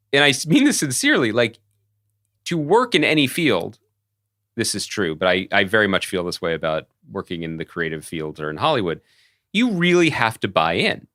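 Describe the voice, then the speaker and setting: A man co-hosting a casual podcast, his voice bright and forceful with a lot of up-and-down movement. He jokes in a sarcastic, swearing way. The studio sound is close and dry. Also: lowish voice, no room sound. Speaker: podcast co-host. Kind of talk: casual chat.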